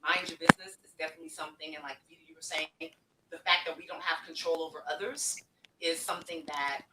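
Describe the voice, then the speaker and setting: A woman with a lowish voice chats in a loose, rambling way as a podcast co-host. She comes through a video call that sounds roomy and distant. Clear background noise hangs under her voice. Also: fairly even intonation, fast talker, sharp tone. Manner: chatty, rambling. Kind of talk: casual chat on a live video call.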